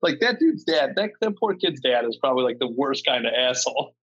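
Man, co-host, sardonic, profane, husky, dull lo-fi video call audio. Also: medium pitch, big pitch swings, fairly quick, a bit bright. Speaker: podcast co-host. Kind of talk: casual banter on a video call. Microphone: video call mic.

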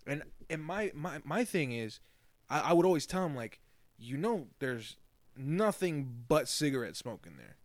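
A young man co-hosting a podcast, telling stories in relaxed casual chat, swearing often and repeating himself. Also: medium pitch, no echo. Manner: laid-back storytelling, swearing, repeats "you feel me". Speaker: podcast co-host.

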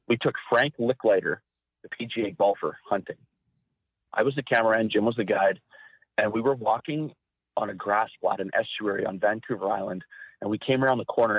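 A man recounting hunting stories as an interview guest, animated and acting out quotes in a raised voice. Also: lowish voice, slightly rough, no echo. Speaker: guest, former hunting cameraman. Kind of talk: storytelling interview. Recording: dry, phone-like narrow sound.

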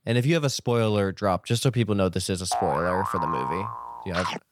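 A man's voice: sits low, lively intonation, quick pace, noisy background. A man co-hosting a podcast, chatting casually and rambling through a movie scene. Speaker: podcast co-host. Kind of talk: casual chat.

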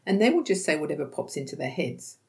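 A woman hosts an educational podcast about dementia care, explaining things calmly and acting out sample dialogues. Her voice sits low and creaky, and she speaks fast.

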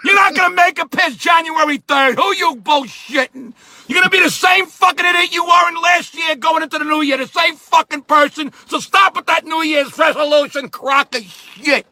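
Casting: man playing a furious New York-area ranter, high, hard-edged voice, dry close sound. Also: normal speed, no echo, heavily acted. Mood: scornful. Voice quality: shouting, cursing rant. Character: angry ranting man, foul-mouthed grump.

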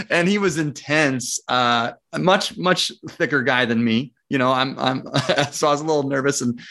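Man telling a lively story. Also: mid-range voice, moderate pace, hardly any pauses. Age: adult with young children. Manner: lively storyteller, acts out dialogue, laughs often; frequent fillers and restarts. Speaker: interview guest, property investor. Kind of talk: casual storytelling in conversation.

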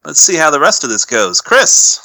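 Guy running the panel, lively bright voice, moves things along quick. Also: on the high side, creaky, no echo, poor audio. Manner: brisk, moderating. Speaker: podcast host and moderator. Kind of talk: casual chat.

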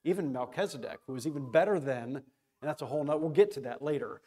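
A man leading an informal Bible study, talking excitedly, restarting phrases and stressing key words. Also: on the high side, quick pace.

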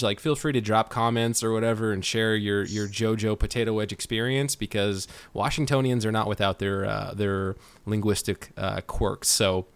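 A man's voice: moderate pace, hardly any pauses, clear, resonant tone, no room sound. A man in his thirties from California hosting a podcast, chatting casually and animatedly with his guest. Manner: animated, jumps into exaggerated high voices for quoted people. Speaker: podcast host.

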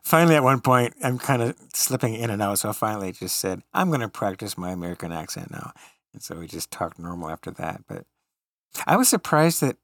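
A man's voice: fairly low pitch, big pitch swings, a little fast, fairly bright tone, no echo, studio quality. A man co-hosting a podcast in casual chat, telling stories and laughing often. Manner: chatty storyteller who laughs often. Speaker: podcast co-host.

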